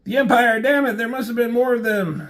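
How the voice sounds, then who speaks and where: A man voicing a panicked alien thug in a comic, speaking in a shrill, hurried way. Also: fairly bright tone. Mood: alarmed.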